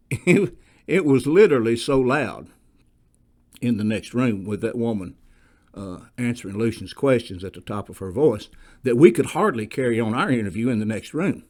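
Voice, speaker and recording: A man with a Southern US accent, a former police investigator hosting a show and telling wry, folksy stories at an unhurried pace. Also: medium pitch, darkish tone. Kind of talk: folksy storytelling.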